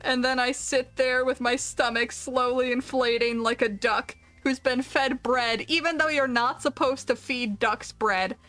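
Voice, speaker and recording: A woman streamer chats casually while she plays, rambling from one thought to the next with self-deprecating jokes. Her voice is fairly high and bright. Faint music plays behind her. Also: steady tone, measured pace, hardly any pauses. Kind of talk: casual chat while gaming.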